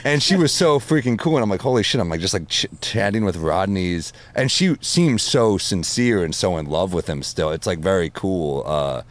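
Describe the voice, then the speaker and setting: Deep-voiced male comic, casual podcast anecdotes, swears often, laughs at his own stories. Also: lively intonation, moderate pace, hardly any pauses. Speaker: comedian guest.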